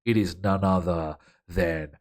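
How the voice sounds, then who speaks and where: A man hosting a casual wrestling management game commentary, reading out match results in a relaxed, matter-of-fact way. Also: low-pitched, takes it slowly. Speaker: host.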